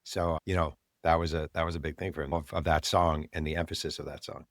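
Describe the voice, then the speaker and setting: A man, an author guest on an interview show, telling a story in animated fashion and acting out the people he quotes. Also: rumbling low, fast, dry recording, clean studio sound.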